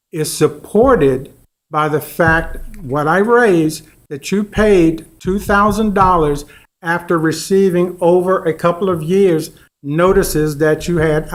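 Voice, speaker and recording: A man on a city appeals board, questioning an appellant in a measured, formal way. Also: on the high side. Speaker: board member. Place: city council chamber.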